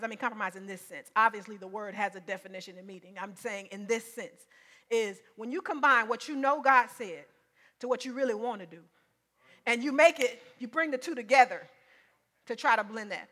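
Bright-voiced woman preaching emphatically. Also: on the high side. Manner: emphatic, repetitive, conversational. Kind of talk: sermon.

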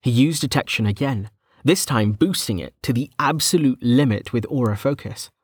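A man narrating a fantasy web novel as an audiobook, in a steady, measured storytelling manner. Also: medium pitch, breathy edge, no room sound. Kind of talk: scripted narration.

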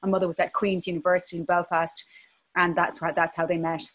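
A woman's voice: on the low side, level tone, fast talker. A woman in her fifties with an Irish accent from County Clare, chatting as a podcast guest and telling stories. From Ireland. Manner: chatty, storytelling. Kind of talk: casual chat.

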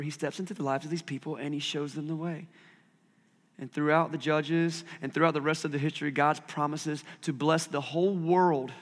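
Man, pastor, conversational sermon, self-deprecating asides, high-pitched voice, echo of a large church. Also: a bit bright.

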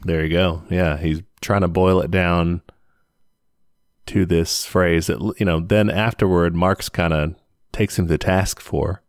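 A deep-voiced man co-hosts a podcast, chatting in a relaxed way about a film and explaining history, his speech full of fillers like "like" and "you know." He talks a little slowly, and the studio sound is clean with no room sound.

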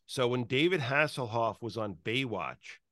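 A man hosting a conversational interview at an ordinary middle pitch. He reacts with short encouraging words and tells stories loosely, full of fillers. The sound is dry and close, with no room echo. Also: animated, a little slow, fairly bright tone. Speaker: interview host. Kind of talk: casual interview chat.

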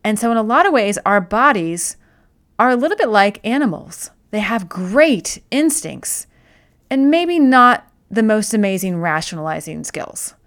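A woman's voice: mid-range voice, expressive, unhurried, fairly bright tone. A woman speaking as a wellness host in a casual explanatory talk, conversational, often restarting and repeating words.

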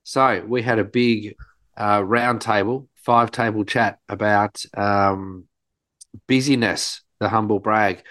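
A middle-aged man, co-hosting a podcast as a playful, animated storyteller. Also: fairly low pitch, slow, no room sound. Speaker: podcast co-host, doctor. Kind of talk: casual podcast chat.

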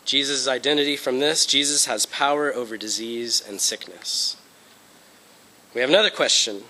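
A man's voice: mid-range voice, normal speed, pushed and bright, rough recording. A young man giving an informal Bible lesson, talking through his notes with fillers and "okay?" check-ins. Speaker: Bible study teacher. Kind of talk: informal lecture presentation.

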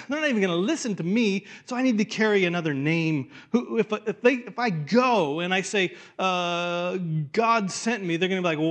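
A man's voice: high-pitched, voice pushed up. A man voicing a frightened old man who stutters and pleads that he is unworthy.

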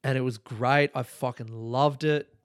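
Man, podcast host, rambling monologue, swears a lot, smooth clear voice, dry close sound. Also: mid-range voice, steady tone, a little slow, dry recording. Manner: rambling, sweary, laughs often. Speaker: podcast host and stand-up comedian. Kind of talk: casual solo podcast monologue.

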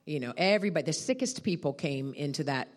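A woman's voice: deep voice, fast. A middle-aged woman preaching a sermon as a guest speaker, telling stories with laughter and exclamations. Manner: animated storytelling, laughing and shouting.

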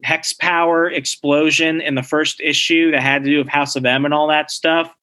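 A man co-hosting a relaxed podcast, walking through a comic plot with animated energy. His voice sits a touch higher than most men's, and he slips into the characters' lines as he goes. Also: moderate pace. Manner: animated storyteller, acts out character quotes. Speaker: podcast co-host recapping comics. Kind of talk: casual chat.

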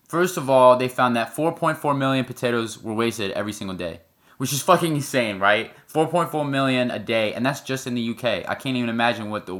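A man talks straight to his viewers in a blunt, emphatic way, swearing freely as he makes his points. His voice sits at an everyday pitch for a man. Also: a bit bright. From United States. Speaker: online commentator. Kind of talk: opinion commentary to camera.

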